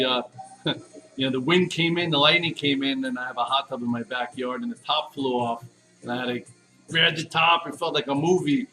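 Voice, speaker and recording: A man hosts a casual early-morning stock market stream and talks in an energetic, chatty way. His pitch sits in the middle, and he throws quick shout-outs and asides to the people watching. Faint music plays behind him. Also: low-quality recording. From Long Island, New York. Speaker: stock market show host. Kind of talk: casual morning livestream chat.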